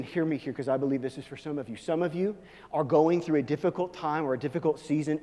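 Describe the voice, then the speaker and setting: A male pastor preaching a sermon, swinging from hushed, low asides to loud, emphatic proclaiming. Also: in a large hall.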